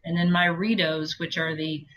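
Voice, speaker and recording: Bright-voiced woman audiobook narrator chatting. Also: deep voice, moderate pace, highs cut off. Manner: chatty, animated storytelling with laughs. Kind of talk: casual interview chat.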